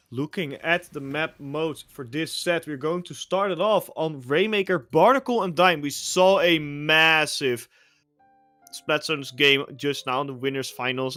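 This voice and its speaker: A man casting a competitive video game match, with play-by-play commentary that gets loud and energetic during the action. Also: mid-range voice, dry recording. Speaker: esports caster.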